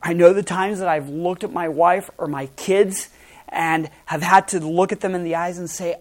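A middle-aged man preaching a sermon as pastor, emphatic and animated, his voice swinging from loud to soft. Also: high-pitched, normal speed.

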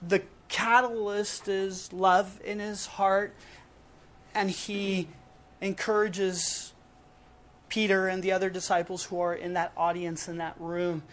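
A man preaching a sermon in a casual, emphatic way, with dramatic pauses between short punchy phrases. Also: high voice, level tone, fairly bright tone.

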